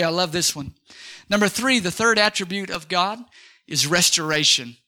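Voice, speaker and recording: A male pastor preaching an energetic sermon, leading the congregation in call-and-response. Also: a little high.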